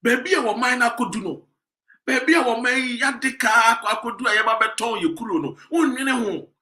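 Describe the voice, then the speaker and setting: A man with a Ghanaian accent giving emphatic commentary, full of rhetorical questions, sometimes loud and sometimes dropping low. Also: moderate pace, echoey room. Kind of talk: animated commentary mixing Twi and English.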